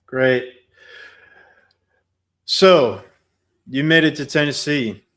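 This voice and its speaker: A man hosting a podcast, asking his guest questions in a measured, unhurried way. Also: on the high side, a bit bright. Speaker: podcast host. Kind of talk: casual interview.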